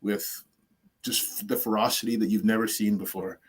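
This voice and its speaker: Low, husky man chatting on a panel. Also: flat delivery, moderate pace. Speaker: panel guest. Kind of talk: casual panel chat.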